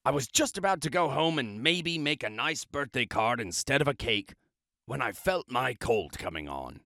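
A man's voice: mid-range voice, animated, moderate pace, pushed and bright, no echo, clean studio sound. A man reading a children's book aloud, telling it in first person in a chatty, self-justifying way. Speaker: storybook reader.

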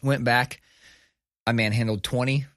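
A man, co-hosting a podcast, telling a story in casual chat, animated and profane, acting out the voices of people in his story. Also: mid-range voice, measured pace, no echo, clean studio sound. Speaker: podcast co-host.

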